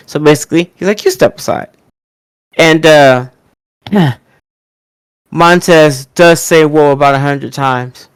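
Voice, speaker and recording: Animated podcast co-host, smooth voice. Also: mid-range voice, takes it slowly, long pauses, no room sound. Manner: animated, lots of fillers and restarts. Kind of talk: casual chat recapping a wrestling show.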